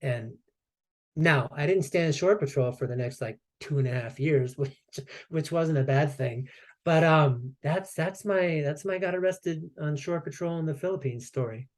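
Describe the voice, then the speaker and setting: A man's voice: on the high side, moderate pace. A man, a Navy veteran guest on a podcast, telling a story casually and acting out the voices of the people in it. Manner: lively, acts out quoted voices and chuckles between lines.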